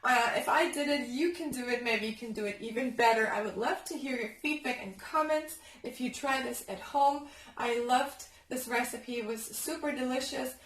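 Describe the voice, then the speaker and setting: A woman from Germany, a home cook vlogging in her kitchen, chatty and excitable as she talks viewers through cooking. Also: a little high, moderate pace, poor audio. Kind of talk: casual cooking vlog.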